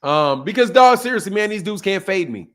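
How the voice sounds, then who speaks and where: Male stream host, slightly high voice, brash and profane, loose chatty delivery. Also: very animated, brisk, fairly bright tone. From United States. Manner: swears freely, boastful and joking. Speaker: boxing channel host. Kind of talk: casual live-stream chat.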